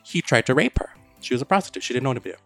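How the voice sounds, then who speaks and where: A man's voice: mid-range voice, rapid-fire, vocal fry, no room sound. Guy hosting a podcast, swearing a lot while he tells the story, doing little voices for people, faint music in the back. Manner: profane, animated retelling with quoted voices. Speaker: podcast host. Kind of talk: casual storytelling chat.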